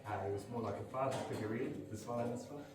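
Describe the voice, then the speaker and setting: A young man with a New Zealand accent giving a halting, emotional farewell speech, his voice choking up between fillers. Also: medium pitch. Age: young adult. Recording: echoey room, distant mic, loud noise.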